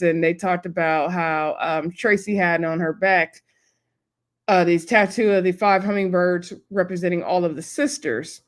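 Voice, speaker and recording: Chatty woman reviewing a TV episode. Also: on the low side. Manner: chatty and conversational, many fillers, animated asides. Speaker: TV show reviewer. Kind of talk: casual video review. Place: home.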